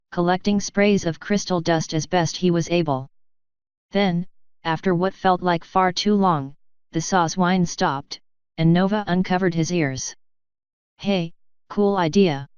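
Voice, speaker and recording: A woman reading fanfiction aloud in steady audiobook narration; dull lo-fi recording. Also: lowish voice, smooth, no echo. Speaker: fanfiction reader.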